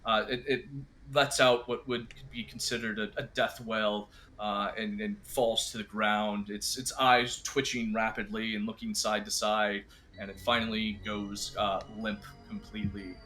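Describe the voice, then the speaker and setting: A man running a tabletop game as dungeon master, narrating slowly with lots of "uh" and "um". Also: on the low side, level tone, pushed and bright, soft background music. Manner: unhurried, filler-heavy narration.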